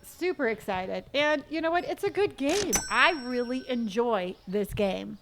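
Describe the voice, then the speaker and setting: High-voiced woman streamer, slow and effusive. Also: fairly bright tone, slight background noise. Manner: effusive, thanking viewers one by one. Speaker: live-stream host. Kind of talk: casual live-stream chat while gaming.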